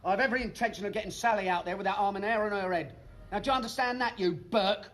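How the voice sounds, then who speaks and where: A brash, quick-tongued Cockney con man, all cheeky patter in a TV drama. His voice sits high and the words tumble out fast. He gives as good as he gets in every insult. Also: a bit bright. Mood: arguing. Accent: London Cockney. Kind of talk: TV drama acting.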